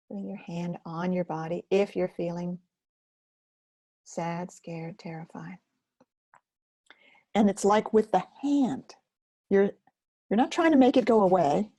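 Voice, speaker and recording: An older woman hosting a self-care webinar, speaking softly and slowly in a soothing way and sometimes dropping to a whisper. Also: medium pitch, creaky, breathy edge. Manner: soft, slow and soothing, drops to a whisper. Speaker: webinar host and Focusing teacher.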